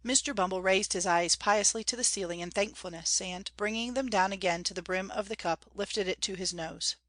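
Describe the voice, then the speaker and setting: A woman reads a classic novel aloud in a measured, clear storytelling manner. Her voice sits at an ordinary middle pitch. The recording is dry and close to the mic. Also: a bit bright, dry recording. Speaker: audiobook reader. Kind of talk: audiobook narration.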